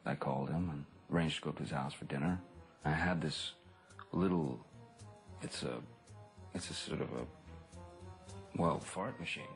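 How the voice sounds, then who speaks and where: A man with an extremely deep voice speaks in a relaxed, rambling way, peppering his stories with "you know" and soft chuckles. He sounds like an interview, with a music bed running beneath the talk. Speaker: actor recalling a colleague. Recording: music bed under speech.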